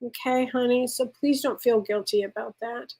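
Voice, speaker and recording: A woman's voice: fairly high pitch, steady tone, normal speed. A woman working as a spiritual medium, answering viewer questions on a live stream in an effusive way and calling people honey. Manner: warm, effusive, laughs often, calls people honey.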